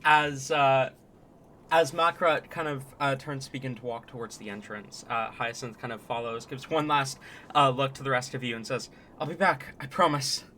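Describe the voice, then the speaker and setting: A man's voice: mid-range voice, normal speed, slight background noise. Laid-back man narrating as game master. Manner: relaxed, hesitant narration full of "uh" and "kind of".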